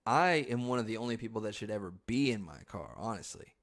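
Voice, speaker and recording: Animated, profane young man podcast host. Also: lowish voice, fast. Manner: loose, profane, animated with sudden loud outbursts and laughs. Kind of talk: casual storytelling monologue.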